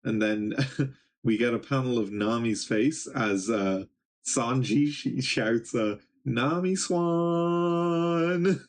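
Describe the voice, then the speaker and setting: A man's voice: medium pitch, takes it slowly. Rambling young man recapping a comic. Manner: rambling, hesitant, with many ums and little laughs. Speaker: manga reaction streamer. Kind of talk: casual reading and recap of a comic.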